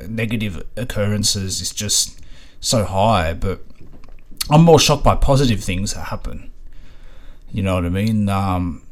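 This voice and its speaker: An Australian man with a low, deep voice hosts a podcast and tells stories in a relaxed, meandering monologue. He swears offhandedly and fills his sentences with "like" and "you know". The talk sounds unscripted and conversational. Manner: rambling, casual swearing, frequent fillers. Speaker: podcast host. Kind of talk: casual storytelling monologue.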